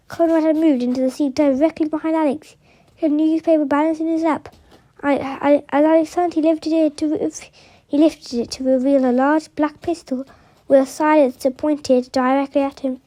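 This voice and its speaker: A woman's voice: high-pitched, steady tone, normal speed, dark tone. A woman reading a novel aloud, often stumbling and restarting words as she reads. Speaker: reader of an audiobook.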